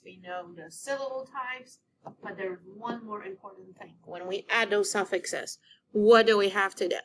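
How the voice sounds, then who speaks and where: A woman teacher giving a recorded phonics lesson to children, sounding out words slowly and clearly. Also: medium pitch, fairly bright tone, a little hiss or hum.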